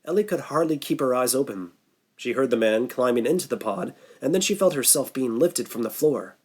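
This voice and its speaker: A man narrating a horror novel audiobook in a steady, measured voice. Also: mid-range voice, husky. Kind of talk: scripted narration.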